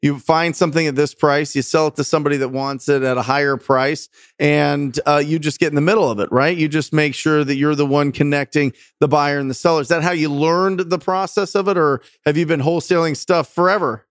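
A man's voice: fairly high pitch, fairly even intonation, brisk, hardly any pauses, no room sound, clean studio sound. A man hosting an interview, enthusiastic and coaching, praising his guest and asking about his methods. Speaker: host interviewing a real estate wholesaler. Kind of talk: conversational interview.

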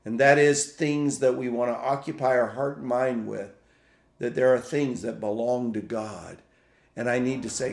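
A man preaching a sermon for a podcast in a reflective, halting way, often repeating words as he searches for the next thought. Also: medium pitch, fairly even intonation, reverberant, faint music behind. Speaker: pastor.

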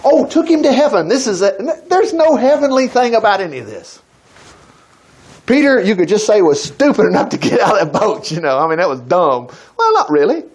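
Brisk and high-pitched, this man's sermon moves between reading scripture and folksy, conversational asides to his congregation. His delivery is animated, and he slips into acting out quotes.

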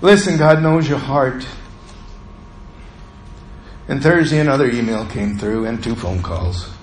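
A man preaching a sermon, telling a personal story with animated swings from hushed to loud. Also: medium pitch, a little slow, echoey room, a little hiss or hum, rough recording. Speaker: lay preacher.

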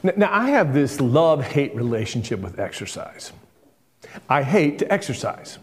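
A man's voice: medium pitch, very animated, normal speed. A man who is a lead pastor, giving a conversational sermon, telling stories and repeating words for emphasis. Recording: long hall reverb.

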